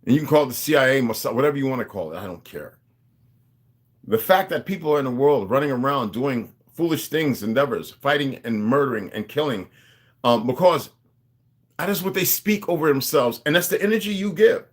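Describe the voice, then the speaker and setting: A man's voice: mid-range voice, lively intonation, fairly quick. A man talking to his viewers in a rambling, casual monologue, drifting between asides and restarting his sentences. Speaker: vlogger.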